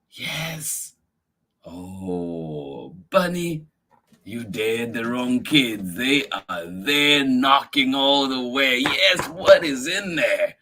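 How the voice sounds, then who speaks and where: A man reads a picture book aloud for children's story time, full of exclamations and questions for the kids. His medium-pitched voice is bright and forceful, with a little hiss or hum in the recording.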